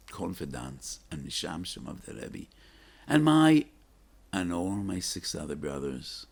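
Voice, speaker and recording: A deep-voiced older man gives a Torah talk as a rabbi. His voice is husky and worn, and he tells stories with fervor. He leans into sudden emphatic rises and lets dramatic pauses hang.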